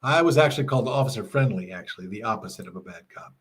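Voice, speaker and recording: A man's voice: on the low side, animated, rapid-fire, slight background noise. A middle-aged man hosting a casual livestream, chatting with viewers and reading their messages aloud with frequent laughs. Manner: chatty, laughs often, reads chat aloud. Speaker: livestream host. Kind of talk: casual live chat reading. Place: home RV.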